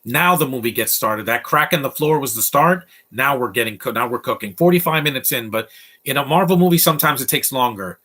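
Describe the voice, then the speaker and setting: A man's voice: mid-range voice, animated, brisk, bright, forceful tone. Blunt, rambling young man reviewing a film. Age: 20s. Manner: blunt, rambling, opinionated, many restarts. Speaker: movie commentator. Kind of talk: casual live movie commentary.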